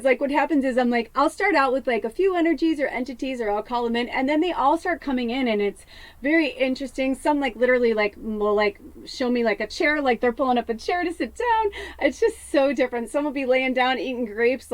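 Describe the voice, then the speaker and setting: A woman working as a psychic medium talks in a loose, rambling monologue, breaking into laughter and casual swearing. Her voice sits fairly high, and the sound is close and dry, with little room around it. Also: no room sound.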